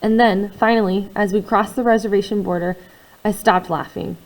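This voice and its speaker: Female reader, first-person novel, expressive delivery that swings between hushed and loud. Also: mid-range voice, moderate pace, poor audio. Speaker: audiobook reader.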